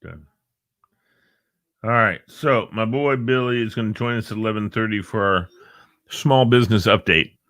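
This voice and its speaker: A man's voice: fairly low pitch, moderate pace, pauses often, fairly bright tone, no room sound, studio quality. A middle-aged man hosting a live online show, chatting casually, joking and reading out viewers' names. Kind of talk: casual live-stream chat.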